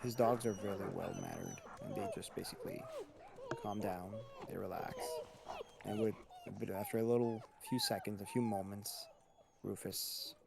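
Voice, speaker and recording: A man narrating as game master, describing scenes in a relaxed way with frequent restarts. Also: fairly low pitch, moderate pace, creaky, noisy background.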